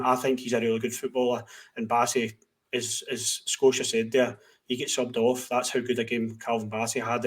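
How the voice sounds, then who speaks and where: A man co-hosting a football podcast, chatting casually and steadily about his club. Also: mid-range voice. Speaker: podcast co-host.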